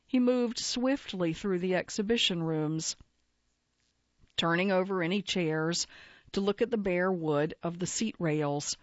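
A woman narrates a long magazine feature in a steady, measured read. Her voice sits at an ordinary middle pitch. The recording is dry and close, with a slightly dull, muffled top end. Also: dry recording.

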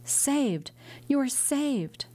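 A woman reading an audiobook, voicing a young daughter who is breathless and excited, in a raised, lively voice. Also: fairly low pitch, measured pace. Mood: overjoyed.

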